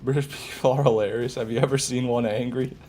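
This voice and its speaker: A man's voice: mid-range voice, steady tone, quick pace, warm tone, faint music behind. An American man in live gameplay commentary, chatting with viewers in a joking, swearing way and often laughing. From United States. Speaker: gaming streamer.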